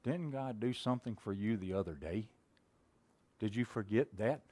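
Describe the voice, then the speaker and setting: A pastor tells a folksy story in his sermon, quizzing the congregation with many questions and swinging between loud and hushed delivery. His voice is on the low side, animated, at a moderate pace.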